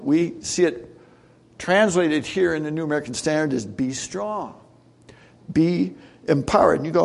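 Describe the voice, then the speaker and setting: A man's voice: a little high, moderate pace, vocal fry, a little mellow. A middle-aged man giving a conversational sermon, full of asides and rhetorical questions to his listeners. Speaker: preacher.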